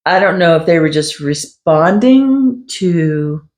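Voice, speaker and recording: A woman hosting a paranormal podcast, telling a personal story in a conversational monologue, quoting others and clearing her throat now and then. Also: fairly low pitch, lively intonation, slow, darkish tone. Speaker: psychic podcast host.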